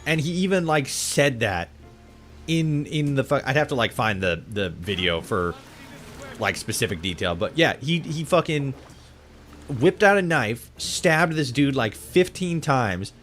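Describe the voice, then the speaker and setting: A man's voice: medium pitch, animated, a little slow, a bit bright, faint music behind. A young man chatting casually on a live stream while gaming, rambling and swearing heavily with many restarts. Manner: rambling, profane, full of restarts and laughs.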